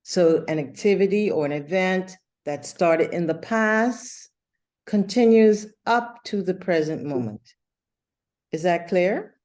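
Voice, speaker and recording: Woman, English teacher, online lesson, slow patient explaining, lots of fillers, low-ish pitch. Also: animated, darkish tone. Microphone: video call.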